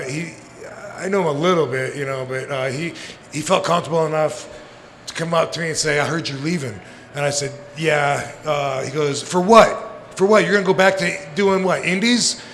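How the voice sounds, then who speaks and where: A man's voice: on the high side, fairly bright tone. Laughing man telling stories live. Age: 40s. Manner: rambling, profane, laughs often. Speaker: guest. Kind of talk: casual storytelling on a live podcast. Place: live show venue. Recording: live venue with long reverb and faint noise.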